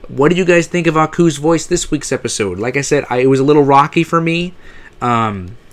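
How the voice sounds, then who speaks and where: A man's voice: a little high, animated, fairly quick. A man giving a casual recap of a TV episode, rambling with restarts and the odd swear word. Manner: rambling, many fillers and restarts, frequent swearing. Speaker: TV episode reviewer.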